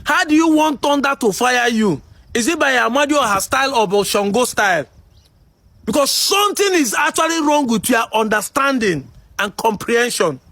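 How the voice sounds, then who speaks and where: A man with a Nigerian accent delivering a heated commentary monologue, combative and full of rhetorical questions, shouting at times. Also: very high voice, dry recording. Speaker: commentary video host.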